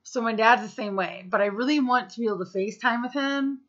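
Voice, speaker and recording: A woman's voice: a little high, fast, a bit bright. A woman in her thirties from the United States telling stories to her vlog camera, casual and profane, with lots of fillers. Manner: chatty, profane, full of fillers. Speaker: vlogger. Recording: slightly muffled lo-fi recording.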